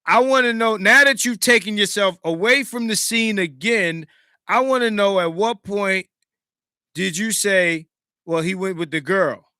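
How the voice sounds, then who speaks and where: Host type: man, high and very bright voice, emphatic casual commentary, dry close mic. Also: unhurried, clear, resonant tone, dry recording. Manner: animated, emphatic, swings between loud and hushed. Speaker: podcast host reacting to a clip.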